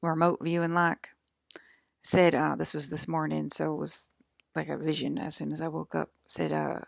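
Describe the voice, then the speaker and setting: A woman's voice: deep voice, moderate pace, vocal fry, no echo, clean studio sound. A woman in her forties hosting a livestream, rambling angrily and swearing at her viewers. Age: 40s. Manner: angry, profane, scolding her viewers; rambling with frequent restarts. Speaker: livestream channel host. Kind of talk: rambling spiritual livestream monologue.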